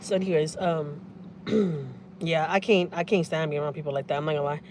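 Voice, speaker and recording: A woman, telling stories on a casual livestream in a blunt, profane, animated way. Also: sits low, fairly quick, slight background noise. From Houston, Texas. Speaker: family vlogger. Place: in a truck with windows down. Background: vehicle and outdoor ambience.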